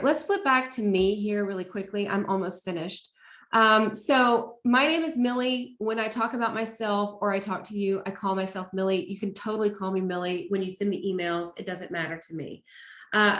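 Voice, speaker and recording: A woman college instructor walking students through her course in a relaxed, chatty way, with fillers. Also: mid-range voice, normal speed, echoey room. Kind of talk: casual course walkthrough.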